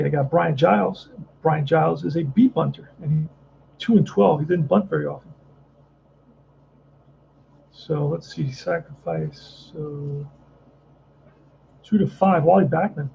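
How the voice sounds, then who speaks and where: A man's voice: a little high, gravelly, highs cut off, a little hiss or hum. A man casually narrating a tabletop baseball replay, thinking aloud and rambling with frequent restarts. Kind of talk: casual play-by-play and chat.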